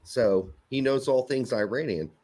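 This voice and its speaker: A man's voice: medium pitch, unhurried, a little mellow. A man co-hosting a soccer podcast in casual banter, joking, swearing freely and rambling into asides.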